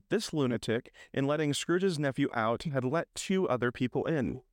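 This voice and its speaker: A man narrating a classic story in a measured reading style, with small slips. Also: mid-range voice, animated, no echo, clean studio sound.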